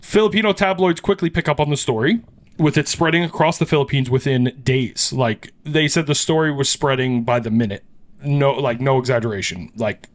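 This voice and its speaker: A podcast host with a medium-pitched, fairly quick voice casually retells an urban legend. He's animated, swears, and laughs often throughout this storytelling chat.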